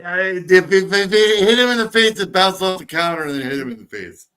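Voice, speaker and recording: A man's voice: high-pitched, fairly quick, clean tone. A man on a talk show defensively denying and correcting a friend's version of a story. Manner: defensive, flatly denies and corrects. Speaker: guest in the story.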